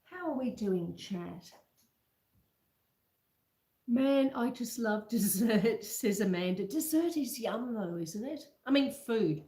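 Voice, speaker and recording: Woman, home-baking livestream host, unhurried and chatty, a touch high, kitchen echo. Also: expressive. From Australia. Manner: chatty, reads out viewers' comments, warm terms like love and sweetheart. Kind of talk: casual livestream chat while baking.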